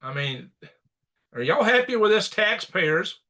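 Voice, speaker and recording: A man's voice: sits high, very animated, a little slow, pushed and bright. A man hosting a commentary show, reacting to clips with blunt, indignant rants and repeated insults. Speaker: news commentary host.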